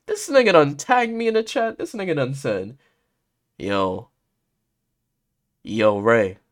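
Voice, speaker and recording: A man's voice: medium pitch, lively intonation, takes it slowly. A young man hosting a podcast, casually telling a story in heavy slang and laughing often. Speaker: podcast host.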